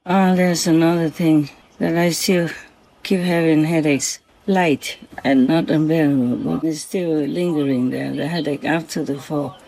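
A spiritual vlogger speaking gently at night to an unseen animal, softly giving blessings and often asking "okay?", then calmly recounting their day. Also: medium pitch, gravelly, low-quality recording. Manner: soft, slow, affectionate blessings with repeated "okay?".

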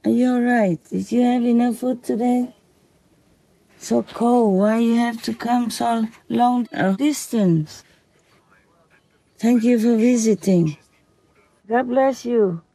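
A woman speaking as a spiritual teacher, soft-spoken and measured, with pauses between short phrases. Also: fairly high pitch, fairly even intonation, poor audio. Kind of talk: slow spiritual talk to followers.

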